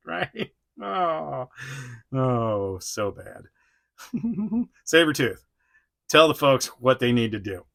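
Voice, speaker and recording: A man's voice: mid-range voice, big pitch swings, slow, creaky, pauses often, fairly bright tone. A man casually chatting through a toy review, rambling with many fillers and chuckles. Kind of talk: casual unboxing chat.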